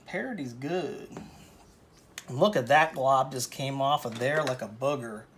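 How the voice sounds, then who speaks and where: A man's voice: medium pitch, measured pace, noisy background. A man teaching painting in a casual, rambling way, joking and poking fun at himself as he works. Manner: rambling, joking and self-deprecating. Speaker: painting instructor. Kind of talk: casual painting tutorial talk.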